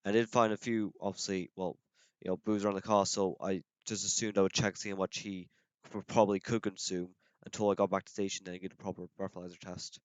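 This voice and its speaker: A man with a very low voice, playing a police officer on the witness stand in a role-play court. He answers casually and hesitantly, padding his answers with fillers. The sound is dry and close. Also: little pitch movement, quick pace, clean tone, dry recording.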